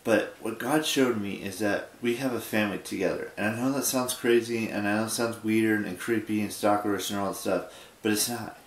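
A man in his twenties talking casually in a late-night vlog, sleepy and rambling, with halting restarts. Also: fairly low pitch, steady tone, echoey room. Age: 20s. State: sleepy, yawning. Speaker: vlogger.

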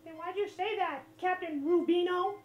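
Very high, childlike woman's voice. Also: normal speed, roomy sound, muffled recording, a little hiss or hum. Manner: high, childlike, silly and innocent-sounding. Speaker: gaming prank video host. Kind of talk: casual vlog intro and game chat prank.

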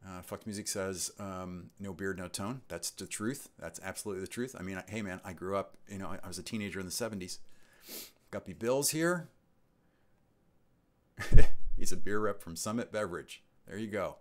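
Speaking at normal speed in a low-pitched voice, a channel host in his sixties runs a live stream. He chats casually, reads out viewer comments, and drifts into rambling asides.

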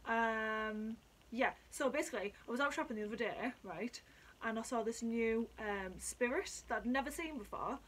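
A woman chatting excitably at home in a casual vlog, sweary and talkative. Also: a little high, normal speed, poor audio. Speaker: vlogger reviewing drinks. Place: at home indoors.

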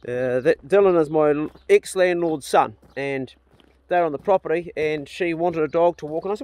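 A man's voice: a little high, normal speed, no echo. A man chatting easygoingly while walking outdoors on rural farmland, filming on a handheld camera. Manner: chatty, easygoing, talks warmly to dogs. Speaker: vlogger, dog owner. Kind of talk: casual walk-and-talk vlog.

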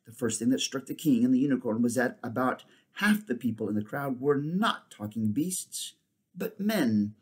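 A man reading a children's novel aloud, steady but with frequent restarts and slips. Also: a little high. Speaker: reader.

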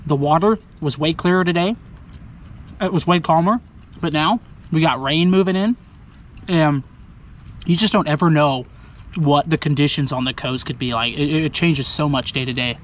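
A man talking casually to camera outdoors on the coast as he cooks and eats his catch, upbeat and chatty, thinking out loud. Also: on the high side, normal speed, pauses often, slight background noise. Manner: upbeat, chatty, talks to himself while deciding. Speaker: outdoor adventure vlogger. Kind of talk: casual narration to camera while cooking.

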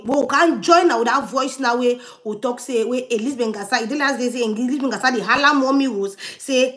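A woman giving animated livestream commentary, laughing often and dropping into murmured asides. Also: high voice, a little fast.

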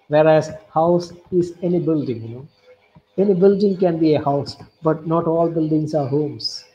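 The lo-fi sound carries a fairly high-pitched man, an English professor with a Kerala Indian English accent, delivering an online lecture on poetry. Slow and deliberate, he repeats key phrases and quietly recites lines of verse.

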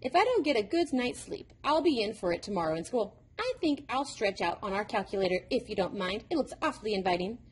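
A woman's voice: very animated, quick pace, few pauses, husky. A woman voicing an exasperated young boy who hates math, with a whiny, protesting manner, in a storybook reading. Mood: tired. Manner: whiny, protesting, rising pitch.

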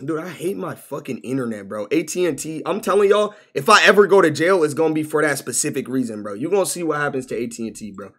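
Animated young-sounding male streamer. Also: on the high side, quick pace, few pauses. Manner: animated, exclaiming, profane, says bro constantly. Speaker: live streamer. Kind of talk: casual live-stream reaction commentary.

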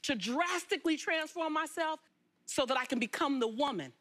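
A woman with a notably high voice tells her life story as a talk show guest. She is from Los Angeles and speaks in an animated, emphatic way. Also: moderate pace. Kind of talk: storytelling interview.

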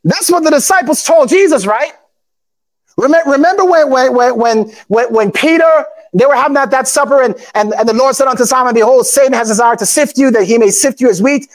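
A male pastor preaching a sermon, calling out to his congregation, breaking into shouts, and reading scripture aloud in old formal English. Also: very high-pitched, brisk. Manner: call-and-response preaching, often bursts into shouts.

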